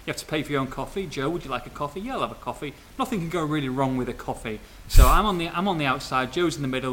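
A man hosting a casual football podcast, telling funny anecdotes in a lively way and laughing often. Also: medium pitch, slight background noise. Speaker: podcast host.

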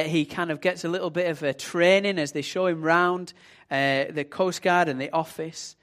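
A man preaching a sermon in a relaxed, conversational storytelling manner with casual asides. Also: fairly high pitch.

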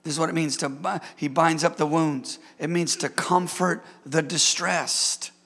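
A man's voice: fairly high pitch, fairly even intonation, measured pace, vocal fry, fairly bright tone, long reverb tail. A man preaching a sermon as pastor, emphatic, repeating himself and calling out to the congregation. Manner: emphatic preaching with repetitions and audience call-outs.

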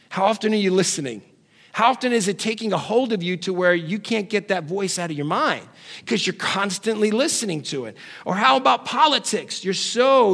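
A man preaching a sermon, firing rhetorical questions at the congregation and swinging from loud calls to quiet, low asides, now and then putting on nagging family voices for laughs. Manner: puts on nagging family voices for comic effect. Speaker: pastor.

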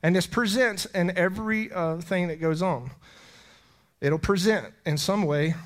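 A middle-aged man preaching an impassioned sermon, intense and emotional, sometimes dropping to a whisper and then surging louder. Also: high-pitched, a little slow.

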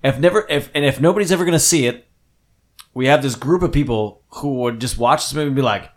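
A man's voice: medium pitch, fast. A man in casual podcast chat, swearing freely and acting out quotes as he tells stories. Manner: excitable storyteller, swears freely, acts out quotes. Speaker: podcast host.

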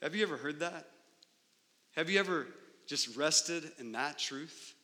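A man's voice: on the high side, a little slow, pushed and bright, big-room sound. A man preaching a sermon as pastor in a church sanctuary, emphatic and full of rhetorical questions.

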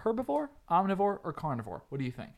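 A man's voice: sits high, huge pitch swings, quick pace, gravelly. A man co-hosting a casual comedy podcast, joking and rambling as he shares facts. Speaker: podcast co-host.

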